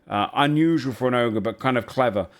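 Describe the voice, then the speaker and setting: A man narrating a tabletop game as game master, relaxed and full of "kinda" fillers. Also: medium pitch, fairly quick.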